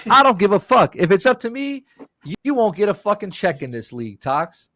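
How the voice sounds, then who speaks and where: Man doing angry short-tempered male boss, barking, higher voice. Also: big pitch swings, a little fast, a bit bright, no room sound, clean studio sound. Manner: barking, threatening.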